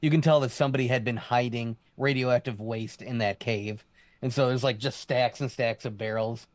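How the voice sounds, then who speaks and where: A man's voice: mid-range voice, fairly even intonation, moderate pace, dry recording. A man co-hosting a casual podcast chat, explaining things at length with plenty of fillers. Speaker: podcast co-host.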